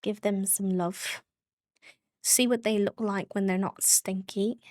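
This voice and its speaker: A woman's voice: medium pitch, fairly even intonation, slow pace, a little mellow, no echo, studio quality. A woman streaming a game, chatting casually and giggling as she talks to her viewers. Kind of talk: casual live-stream chat while gaming.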